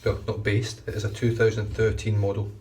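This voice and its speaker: Rambling man, flat low voice. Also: fairly quick. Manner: chatty, rambling, frequent restarts. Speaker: shaving vlogger. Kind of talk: casual running commentary while shaving. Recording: distant mic with faint background noise.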